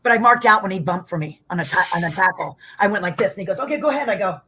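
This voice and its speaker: Animated middle-aged woman telling stories. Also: on the low side, quick pace, a little hiss or hum. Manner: animated storyteller who acts out quotes, swears casually. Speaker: interview guest, former wrestler. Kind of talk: casual storytelling interview.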